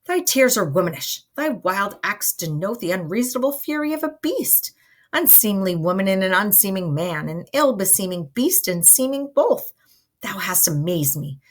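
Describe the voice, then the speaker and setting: A stern older friar, as a woman reads him aloud, scolding with exasperated emphasis that keeps rising in pitch. He lectures at a lively, pushing pace in a dramatic play reading, lifting his voice on every rebuke. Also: measured pace, full character voice.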